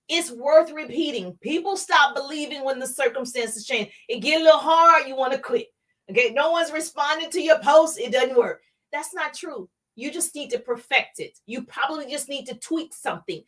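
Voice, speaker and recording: High-voiced emphatic woman coach. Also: a bit bright, distant mic. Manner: emphatic, repeats key lines, calls to the chat. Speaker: motivational speaker, home-business coach. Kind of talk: motivational live stream talk.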